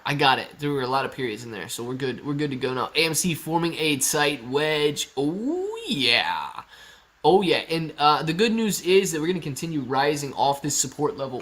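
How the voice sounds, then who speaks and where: A man's voice: fairly high pitch, a bit bright. A young man from Ohio hosting a casual stock livestream, reading chat comments aloud in an upbeat, jokey way.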